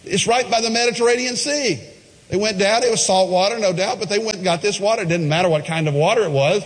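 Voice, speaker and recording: A man preaching a sermon, his fairly high voice carrying through a hall with a long reverb. He tells a Bible story with animated delivery and acts out the voices of its people. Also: fast talker. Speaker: pastor.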